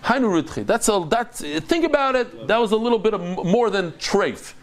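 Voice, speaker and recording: A man teaching a daily Talmud class as a rabbi, explaining in an animated, dramatic way with quick restarts. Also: high voice. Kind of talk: lively Talmud lecture to a live group.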